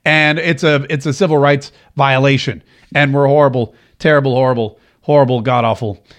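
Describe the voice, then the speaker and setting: A man's voice: mid-range voice, steady tone, fairly quick. A male talk radio host delivering a political monologue, sarcastic and emphatic, repeating phrases for effect.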